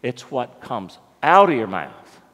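A pastor from the United States preaches slowly in a sing-song, medium-pitched voice with a fairly bright tone. He tells the story conversationally and questions the congregation, his words echoing with long reverb in the church sanctuary.

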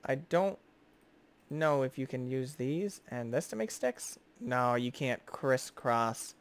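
A young man giving excitable, jokey gameplay commentary as host, chatting to the creatures on screen. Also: mid-range voice, takes it slowly, clear, resonant tone. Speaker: gaming video host.

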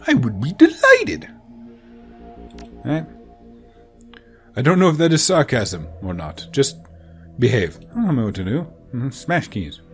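A man's voice: mid-range voice, big pitch swings, normal speed, faint music behind. A man giving casual, joking commentary while playing a video game. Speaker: let's play host. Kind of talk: gameplay commentary.

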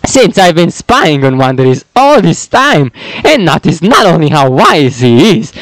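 A man's voice: fairly high pitch, dry recording, low-quality recording. A man doing a scheming zombie scientist boss. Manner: bossy, scheming, insulting. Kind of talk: reading fan dialogue aloud.

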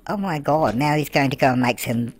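A man with a medium-pitched voice narrates a life-sim game fairly quickly, posing as a gossipy, cheeky grandmother. Background music plays as he makes comic asides, addresses everyone as "love," and answers his own questions.

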